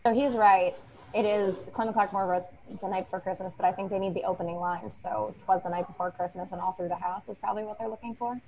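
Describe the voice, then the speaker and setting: A woman playing on a trivia team, answering questions and talking them through quickly with her teammates. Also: medium pitch, steady tone, darkish tone, a little hiss or hum, rough recording. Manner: quick and talkative. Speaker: quiz contestant.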